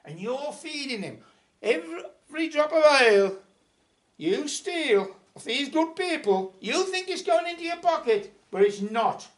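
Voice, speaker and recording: A stern, wise saint delivering a firm warning in a spoken folk tale, as a male storyteller puts him on. The lines are emphatic and rise and fall in a lively way. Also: high-pitched, a little slow, pauses often, echoey room, distant mic, voice pushed up, heavily acted.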